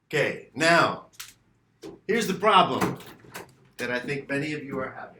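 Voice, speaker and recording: A man's voice: medium pitch, expressive, measured pace, pushed and bright, a little hiss or hum. A man teaching an English grammar lesson, rephrasing his points and acting out his students' questions. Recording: echoey room.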